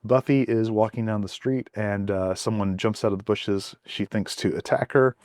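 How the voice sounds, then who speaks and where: Low-voiced guy co-hosting a podcast, lots of ums and restarts, dry close sound. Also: steady tone, darkish tone, no room sound. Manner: halting, many fillers and restarts. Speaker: podcast co-host. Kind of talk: casual chat.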